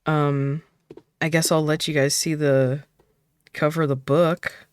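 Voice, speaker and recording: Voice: mid-range voice, flat delivery, measured pace, clear, resonant tone, no echo, clean studio sound. A streamer chatting casually with viewers and reading a book aloud, loose and swearing, into a desk microphone. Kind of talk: casual livestream chat and read-aloud.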